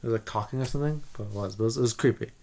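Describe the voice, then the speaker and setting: A man giving a casual spoiler review of a movie, rambling and excitable with many restarts. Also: medium pitch, rapid-fire.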